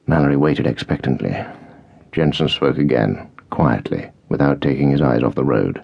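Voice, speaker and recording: A man narrating an audiobook in a steady, measured way, on a dull lo-fi recording. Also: very deep voice, vocal fry. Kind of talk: scripted narration.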